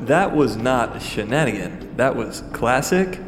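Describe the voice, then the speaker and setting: A man narrating his character in a tabletop role-play game. He talks quickly and playfully, in a mid-range voice. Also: medium pitch, lively intonation, a little hiss or hum. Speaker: player.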